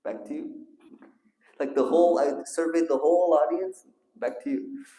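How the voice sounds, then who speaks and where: With a higher, mellow voice and a moderate pace, a sheikh teaches a storytelling religious lesson in an echoey mosque hall. He puts questions to the audience and calls on listeners.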